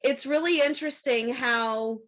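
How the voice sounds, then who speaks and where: A woman in a casual podcast chat, talking in an unhurried, halting way and laughing often. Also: high-pitched, a bit bright. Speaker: podcast co-host or guest.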